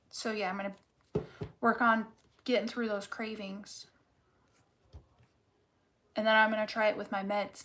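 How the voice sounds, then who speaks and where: A woman's voice: mid-range voice, fairly bright tone, slight background noise. A woman giving a casual tarot reading and talking straight to the viewer, blunt and full of swearing, repeating phrases to hammer her point home. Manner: candid and profane, talks straight to the viewer; emphatic and repetitive when making a point. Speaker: tarot reader.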